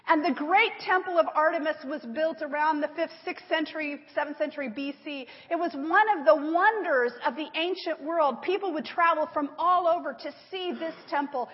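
A woman's voice: high-pitched, normal speed, few pauses. A woman teaching a sermon, telling a Bible story and reading scripture aloud with emphasis, using slides. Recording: dull audio in a large reverberant hall.

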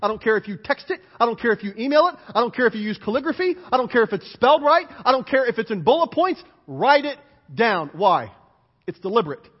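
A man preaching a sermon as pastor, animated and emphatic, driving points home with repeated lists. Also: very high voice, fast. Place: church sanctuary. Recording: dull, hall-reverberant church recording.

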